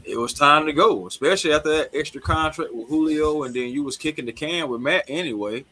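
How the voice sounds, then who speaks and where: A man's voice: on the high side, a little fast, bright, forceful tone, low-quality recording. A man, co-hosting a casual sports talk show in a laid-back, slangy way.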